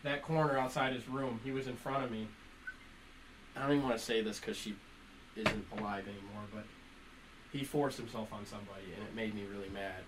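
A young man telling profane stories to friends in casual chat, animated and laughing between lines. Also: fairly low pitch, a little fast, noisy background. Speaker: storyteller among friends.

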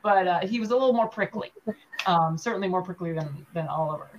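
A woman's voice: on the low side, quick pace, noisy background. Chatty woman puppeteer, muffled audio. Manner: chatty, with many fillers and restarts. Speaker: puppeteer guest. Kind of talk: casual interview chat.

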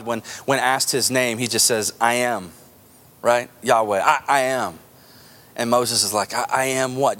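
A man preaching a sermon as pastor, emphatic, often repeating words as he builds to a point. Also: a bit bright. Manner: emphatic, rising to high intensity at key points.

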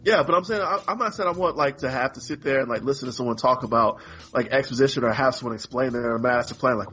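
A man's voice: mid-range voice, quick pace, sharp tone, husky, dull audio, soft background music. A man co-hosting a podcast in casual chat, rambling and exasperated, acting out characters in mock voices. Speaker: podcast co-host.

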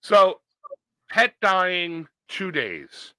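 A young man co-hosting a podcast, answering with blunt, deadpan comebacks in casual chat. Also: high-pitched, extremely slow, dry recording. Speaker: podcast co-host.

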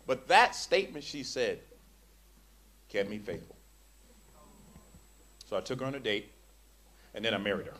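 A man preaching an animated, jokey sermon, often repeating words as he builds up. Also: on the low side, normal speed, long pauses, noisy background.

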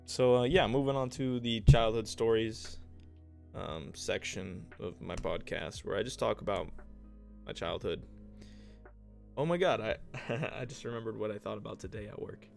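A man's voice: fairly low pitch, lively intonation, normal speed, creaky, faint music behind. A young man hosting his own podcast, chatting casually and rambling through stories with frequent laughs and self-deprecating asides. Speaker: podcast host and streamer. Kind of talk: casual solo podcast chat.

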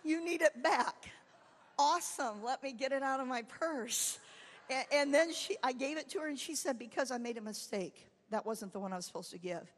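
Woman, evangelist, sermon, storytelling, quiet to shouting, highish voice, reverberant hall. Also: animated, a little fast. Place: church camp meeting hall.

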